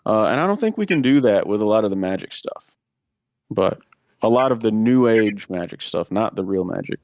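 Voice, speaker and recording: A man with a fairly low voice works through his thoughts slowly, filling pauses with "uh" and "like." The sound is dry and close, with almost no room around it. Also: lively intonation, a little mellow, no echo. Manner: thoughtful, musing, with many fillers. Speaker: podcast co-host. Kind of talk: casual discussion.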